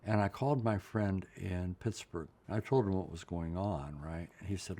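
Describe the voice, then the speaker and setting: An older man with a very deep, husky voice tells his own story to an interviewer. He is blunt and emotional, and often checks in with "right?". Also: normal speed, few pauses, dark tone. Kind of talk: candid personal storytelling.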